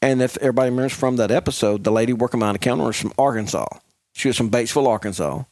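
A man co-hosting a podcast in casual chat, eager and quick to laugh. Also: mid-range voice, darkish tone, no room sound, studio quality. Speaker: podcast co-host.

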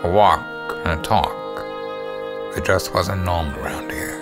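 A man doing an impression of a famous film narrator, voicing an older male inmate who tells his story with an unhurried drawl over a film score. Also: low-pitched, music in the background. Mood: reminiscing. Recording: film score playing loudly underneath.

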